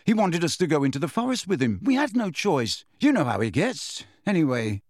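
A man's voice: on the high side, big pitch swings, a little fast, darkish tone, no room sound, clean studio sound, pitched above the performer's own voice. A man reading aloud, voicing a guarded, grim teenage schoolboy who speaks tersely and matter-of-factly.

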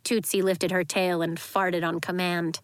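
A woman narrating a children's story in a lively, expressive way. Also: fairly low pitch, unhurried, smooth, dry recording. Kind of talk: audiobook narration.

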